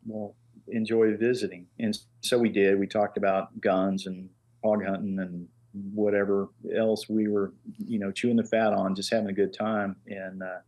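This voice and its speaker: A man's voice: on the low side, moderate pace. An older man, a guest, telling stories in a casual chat and acting out the voices of people he quotes. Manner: animated storyteller who acts out quoted voices. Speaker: guest, master engraver. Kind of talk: casual storytelling.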